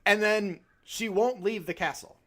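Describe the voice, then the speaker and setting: A man co-hosting a podcast, retelling a film in casual chat with animated, acted-out quotes. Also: sits high, measured pace. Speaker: podcast co-host.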